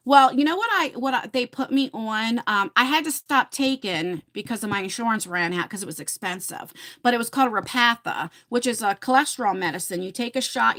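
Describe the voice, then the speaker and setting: Middle-aged jersey lady rambling on a livestream, slightly high voice, lots of um and you know. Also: sharp tone. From New Jersey. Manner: rambling, chatty, many fillers and restarts. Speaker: livestream host. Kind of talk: casual chat reading viewer comments.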